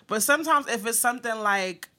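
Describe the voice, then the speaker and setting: A woman's voice: fairly high pitch, a little fast, pushed and bright. A woman co-hosting a casual podcast, blunt and teasing, swearing freely as she chats. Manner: blunt, teasing banter, lots of profanity. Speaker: podcast co-host. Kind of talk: casual chat.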